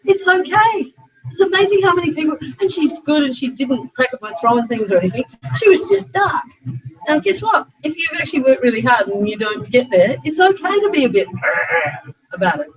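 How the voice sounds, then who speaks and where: A middle-aged Australian woman with a very high voice gives an informal talk on sport psychology to a small group of students. She talks animatedly, full of asides and quick restarts. The recording sounds dull and lo-fi. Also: sing-song, slight background noise.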